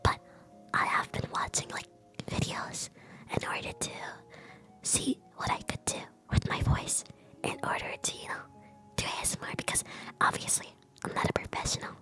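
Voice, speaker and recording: A woman's voice: normal speed, pushed and bright. A woman streamer in a whispered chat stream, talking playfully and teasingly with her lips close to the microphone.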